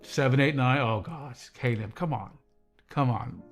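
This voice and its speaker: A man hosting a casual livestream, reading viewer comments and talking in a calm, measured way. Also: medium pitch, faint music behind. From United States. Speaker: livestream host.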